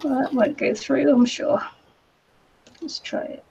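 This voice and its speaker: A woman's voice: sits high, fairly even intonation, measured pace, creaky, a little mellow. A woman from England chatting casually and laughing easily on a video call. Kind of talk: casual chat. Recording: muffled lo-fi call audio.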